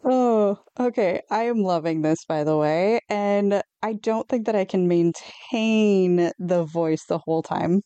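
A woman co-hosting a podcast, chatting casually and reading lore aloud in a relaxed way. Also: mid-range voice, slow, hardly any pauses, clean tone, dry recording, highs cut off. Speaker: podcast co-host.

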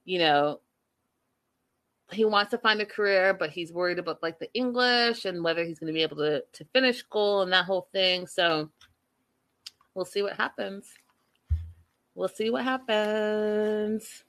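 Gossiping animatedly about a reality show, a young woman chats casually with her viewers, addressing them directly and frequently laughing. She has a lowish voice and keeps a moderate pace.

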